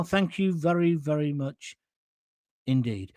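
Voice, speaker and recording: A man's voice: sits high, lively intonation, moderate pace, dry recording, studio quality. A middle-aged man hosting his own show, reading viewer comments and giving blunt, combative opinions and mocking his critics.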